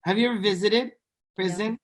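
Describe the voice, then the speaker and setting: A young woman on a podcast, gossiping about reality TV in a blunt, animated way. She jumps between her own opinions and quick impressions of other people. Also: mid-range voice. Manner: blunt, animated, quotes people in put-on voices. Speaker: podcast co-host. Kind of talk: casual reality TV gossip chat.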